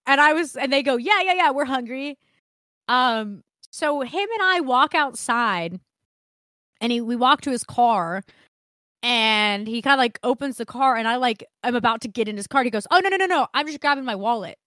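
A young woman co-hosting a podcast, telling a story in casual chat, animated, laughing often and swearing freely. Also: on the high side, moderate pace, no echo, clean studio sound. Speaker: podcast co-host.

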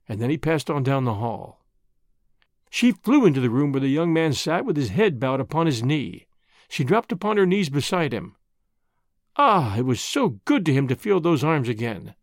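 A narrator reads a classic short story in a measured way, the pitch lively and full of movement. The voice is dry and close, with no room sound around it. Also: no echo.

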